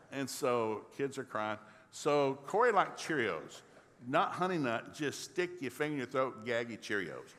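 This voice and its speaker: An older man, a pastor from the rural South, tells a family story in a folksy, animated sermon. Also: medium pitch, long reverb tail. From rural American South.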